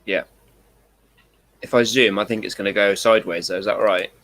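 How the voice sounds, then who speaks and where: A man's voice: lowish voice, fairly even intonation, moderate pace, a bit bright, a little hiss or hum. A man co-hosting a casual live stream, reading out emails in a dry, teasing, matter-of-fact way. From England. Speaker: co-host.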